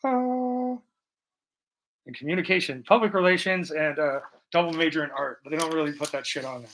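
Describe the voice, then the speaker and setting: His voice is high and sharp, moving fairly quickly. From his bedroom, the painting livestream host chats casually with viewers as he works, rambling, cracking jokes, and swearing.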